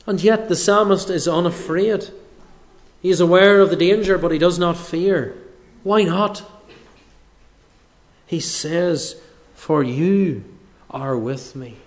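A man preaching a sermon in a measured way, pausing for dramatic effect. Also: high voice, fairly even intonation. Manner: slow, measured delivery with dramatic pauses.

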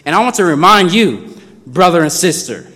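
A man preaching a sermon in a conversational way, moving between low asides and loud, drawn-out emphasis. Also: very animated. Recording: long hall reverb.

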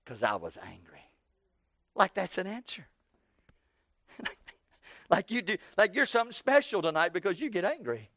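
A man in his sixties preaching a sermon, slowing down for emphasis and breaking into loud acted quotes. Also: high-pitched, expressive, no echo, clean studio sound.

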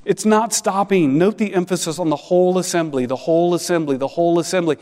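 A man preaching an expository sermon as pastor, animated and conversational with wry asides. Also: on the high side, fast, big-room sound.

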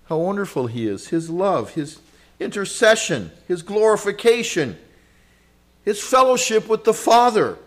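A man delivers a sermon with a somewhat high-pitched voice, earnest and conversational. He swings from ringing exclamations down to hushed, close retellings, dropping in casual asides and small chuckles along the way. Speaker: preacher.

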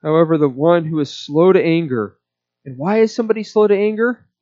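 A man preaching a sermon in a measured, deliberate teaching manner. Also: fairly high pitch, a little mellow, lo-fi sound. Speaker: pastor.

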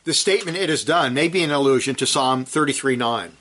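Speaking a little fast and with few pauses, a man preaches from scripture. His emphatic sermon peaks forcefully before sinking into low, quiet moments.

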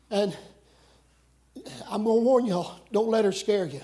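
A middle-aged man preaching a camp meeting sermon, folksy and joking, breaking into shouts. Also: high voice, a little slow, slight background noise. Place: church camp meeting with congregation.

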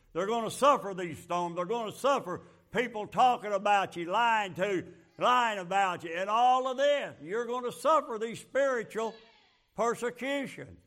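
A man's voice: high-pitched, moderate pace, sharp tone. A man preaching a fervent, folksy sermon full of rhetorical questions.

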